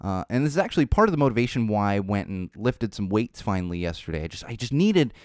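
A man hosts his podcast alone in a casual, unscripted monologue, drifting into tangents as he goes. He sounds tired, but his pitch stays lively and swings up and down. The recording is dry, with no room sound. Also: fast, no room sound. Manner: rambling, speaks off the cuff with tangents. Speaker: podcast host.

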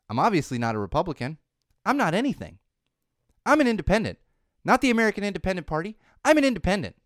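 A man's voice: a little high, dry recording, studio quality. A man in his thirties hosting a casual chat, ranting in a profane, opinionated way with lots of fillers, his voice a little worn from a cold. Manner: animated, profane and opinionated, with many fillers and restarts. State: voice going, getting sick. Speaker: podcast host.

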